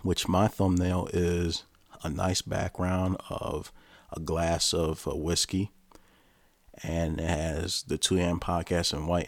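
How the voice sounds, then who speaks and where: A man's voice: sits low, gravelly, no echo. A man hosting his own podcast, talking bluntly and profanely in a casual ranting style. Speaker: podcast host. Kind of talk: casual solo podcast rant.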